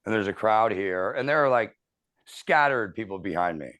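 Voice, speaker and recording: A man in his thirties telling a profane, animated story as a podcast host in casual chat. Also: fairly low pitch, moderate pace.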